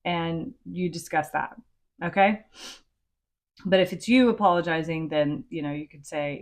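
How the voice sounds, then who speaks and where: A woman's voice: fairly low pitch, moderate pace. A middle-aged woman hosting a podcast, giving frank, conversational advice and sometimes swearing. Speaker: podcast host. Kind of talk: casual advice talk.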